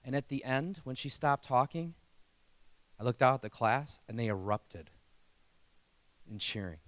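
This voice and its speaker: A man's voice: medium pitch, lively intonation, measured pace, dry recording. A man who teaches speech, giving a motivational keynote to parents and telling stories in an earnest, emotional and emphatic way.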